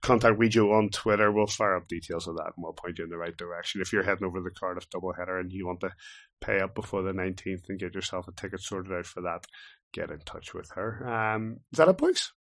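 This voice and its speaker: A man hosting a casual sports podcast, briskly running through the week's fixtures. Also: sits low, fairly bright tone, dry recording. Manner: brisk announcer-style listings of fixtures. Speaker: podcast host.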